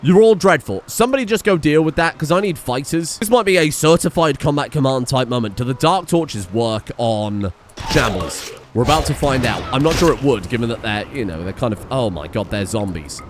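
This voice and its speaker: A young man commentating his own gameplay, swearing and panicking as he shouts orders at his characters. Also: medium pitch, lively intonation, brisk, noisy background. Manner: swears and panics, swinging from mutters to yelps. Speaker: gaming streamer.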